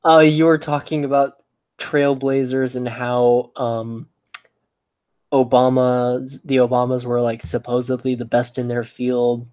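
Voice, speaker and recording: A man's voice: medium pitch, little pitch movement, measured pace, darkish tone, no echo, low-quality recording. A man co-hosting a podcast in casual chat, teasing and sarcastic. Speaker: podcast co-host.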